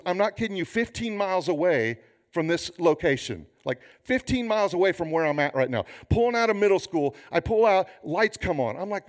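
A man in his fifties, a pastor preaching a sermon with humorous, animated storytelling. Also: sits high.

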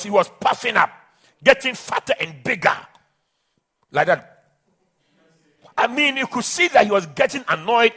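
Man, high pitched, very animated, emphatic preaching. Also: husky. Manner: emphatic, impassioned preaching with restarts. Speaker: pastor. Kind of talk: sermon.

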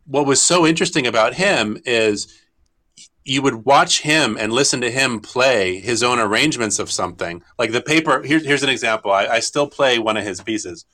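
A man's voice: medium pitch, moderate pace, bright, forceful tone. A middle-aged man, a tango guitarist and teacher, answering interview questions thoughtfully with frequent restarts.

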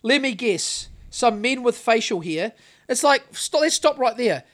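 A man's voice: very high-pitched, lively intonation, a little slow, a bit bright. A man co-hosting a podcast, ranting bluntly and swearing constantly in casual chat. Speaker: podcast co-host.

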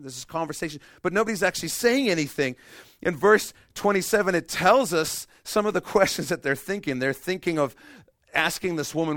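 A middle-aged male pastor preaching a sermon, telling stories with self-deprecating humor and swinging between loud emphasis and hushed, quiet stretches. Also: a little high, fairly quick, no echo, studio quality.

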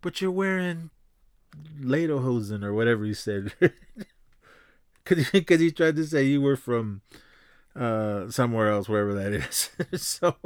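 A man's voice: mid-range voice, clear, resonant tone, no room sound, studio quality. Rambling man recapping a movie. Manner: rambling, halting, many fillers and restarts; chuckles while retelling. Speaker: podcast host.

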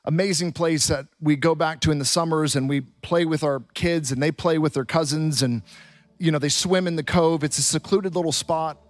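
A man in his thirties, a pastor preaching a sermon from a stage and telling stories in an animated, vivid way. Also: a little high, normal speed, dry recording. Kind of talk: storytelling sermon. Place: church stage.

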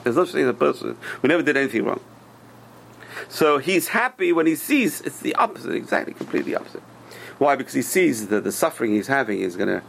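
A man teaching a Torah class, telling stories in an animated way and swinging between loud and hushed delivery. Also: low voice, gravelly, a little hiss or hum. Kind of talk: storytelling sermon.

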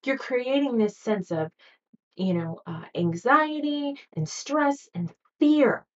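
A woman hosting a motivational podcast, talking gently and coaching her listeners, sometimes acting out anxious inner voices. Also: on the high side, expressive, slow, distant mic, highs cut off. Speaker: podcast host. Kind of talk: motivational solo podcast talk.

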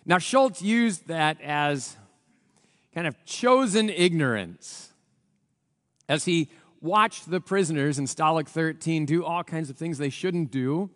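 A male pastor giving a sermon in an earnest, reflective way, his voice a little rough, with pauses and restarts. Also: a little high, animated, fairly bright tone, big-room sound. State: voice a little rough from recent strain.

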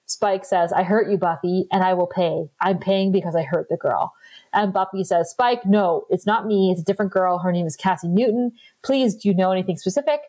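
A woman's voice: mid-range voice, brisk, warm tone. Chatty woman podcast co-host. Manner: laughs often, retells scenes with quoted lines. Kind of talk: casual recap chat.

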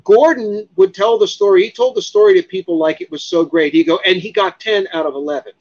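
A man tells a long story as an interview guest, acting out the lines of the people in it and swearing freely. His voice sits a little high. The recording sounds dull and lo-fi. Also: fairly quick. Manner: animated, profane, acts out other people's lines. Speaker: guest, cigar expert.

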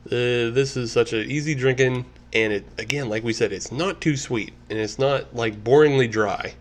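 A man's voice: mid-range voice, moderate pace. A man co-hosting a casual beer review show, easygoing and plain-spoken. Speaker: podcast co-host. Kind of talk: casual chat.

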